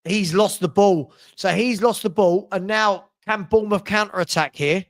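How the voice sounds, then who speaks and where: A man with a high voice talks through a live match as its host. He calls the passes in casual play-by-play and breaks off to answer viewers' comments in a loose, friendly chat. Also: normal speed. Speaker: watchalong host.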